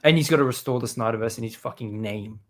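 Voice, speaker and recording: A man hosting a live stream, ranting angrily with lots of swearing, swinging from loud outbursts to low muttering. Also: quick pace. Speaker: show host. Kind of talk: profane live-stream rant.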